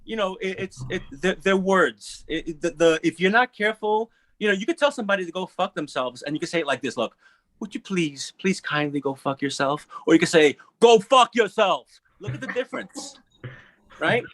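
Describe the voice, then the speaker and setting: A man speaking on a panel in a casual, animated, profane way, acting out little quoted voices. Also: sits high, a little fast, no echo.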